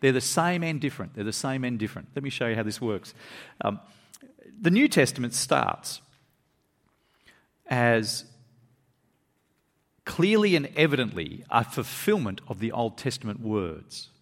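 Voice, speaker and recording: A man preaching a sermon to his congregation, reading scripture aloud and pressing his points with quick asides. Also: long reverb tail. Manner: animated preaching, pitch rising and dropping for emphasis, quick asides. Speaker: pastor.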